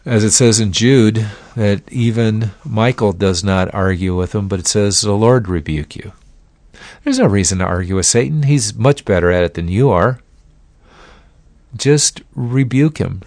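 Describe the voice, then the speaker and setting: A man preaching a sermon, telling the story dramatically and slowing down to stress key words. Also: fairly low pitch, dry recording.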